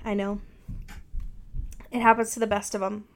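A woman's voice: medium pitch, flat delivery, normal speed. A woman podcast host who chats casually, jokes and laughs often, and reads fan fiction aloud. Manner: joking, laughs often, many fillers. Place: Seattle.

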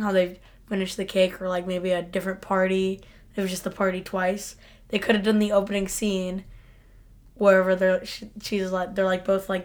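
A young woman co-hosting a casual chat, laughing often and rambling loosely. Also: mid-range voice.

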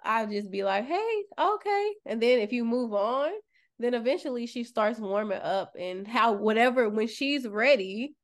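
A woman co-hosting a casual podcast chat, talking reflectively, often pausing to hunt for the right word. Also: fairly high pitch. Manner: reflective, searches for words, laughs softly. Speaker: podcast co-host.

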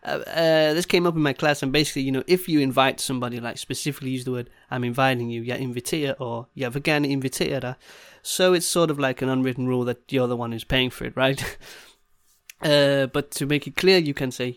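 A man teaching a casual Danish lesson, saying each phrase slowly and repeating it, then explaining it in easygoing English. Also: mid-range voice, no room sound, clean studio sound.

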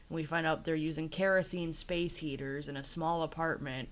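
Woman, low-pitched, casual podcast recap, chatty storyteller. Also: fairly even intonation, brisk, few pauses. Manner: chatty storytelling, acting out quotes. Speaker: podcast co-host recapping a TV episode. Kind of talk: casual chat.

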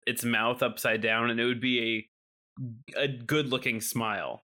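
A man's voice: medium pitch, flat delivery, measured pace, sharp tone. A man co-hosting a casual podcast with wry, playful remarks. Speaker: podcast co-host. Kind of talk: casual chat.

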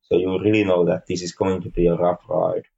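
A man co-hosting a podcast, reviewing a film in casual chat, halting and repeating words, with dry dark humor. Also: low voice, level tone, creaky, dull audio. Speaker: podcast co-host.

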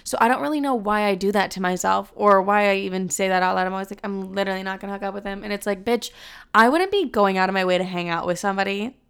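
A woman's voice: mid-range voice, animated, fast, a bit bright, smooth. A woman in her twenties from Chicago, hosting a podcast in casual chat, chatty, with lots of "like" and "literally" and easy swearing. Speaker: podcast host.

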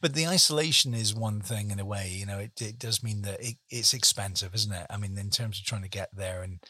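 A man's voice: fairly low pitch, brisk, sharp tone, breathy edge, dry recording. A man hosting a conversational interview, chatty and full of leading questions.

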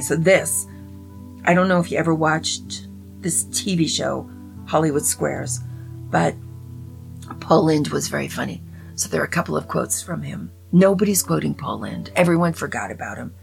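A woman with a low, gravelly voice tells jokes casually, reading them out and chatting in between while frequently lowering to a whisper. There's faint background music, and the recording quality is poor.

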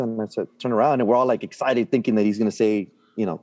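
A man with a warm, mellow voice talks through a story from his working life. He is animated and blunt, with casual swearing and plenty of fillers. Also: medium pitch, fast. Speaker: guest.

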